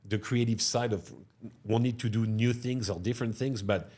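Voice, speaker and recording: A man's voice: mid-range voice, normal speed, slightly rough. A middle-aged man with a French accent, a restaurateur telling stories in an interview and tagging his sentences with "no?" and "huh?". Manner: animated, tags sentences with "no?" and "huh?". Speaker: restaurateur guest. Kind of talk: storytelling interview talk.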